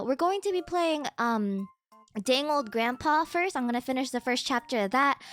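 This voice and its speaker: A woman streamer chatting casually and excitably with her viewers, swearing freely as she greets them. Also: high-pitched.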